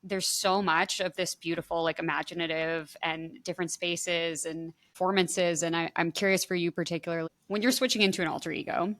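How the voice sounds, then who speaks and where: A woman hosting a podcast, asking curious, warm questions with some fillers. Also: lowish voice, steady tone, brisk, few pauses. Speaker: podcast host. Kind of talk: interview questions.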